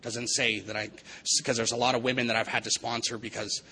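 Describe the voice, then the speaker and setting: Brief: a man with a bright voice giving an earnest, evangelical-style recovery talk. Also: mid-range voice, little pitch movement, a little fast, slightly rough, rough recording. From Vancouver area, Canada. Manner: earnest, preacherly, repetitive. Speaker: recovery meeting speaker. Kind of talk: recovery testimony speech.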